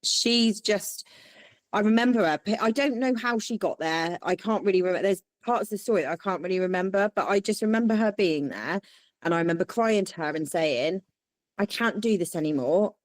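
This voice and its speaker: A woman's voice: mid-range voice, brisk, no room sound. A young woman, telling her story as an interview guest and acting out the voices of the people in it. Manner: animated, quotes people in lively voices. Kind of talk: candid storytelling.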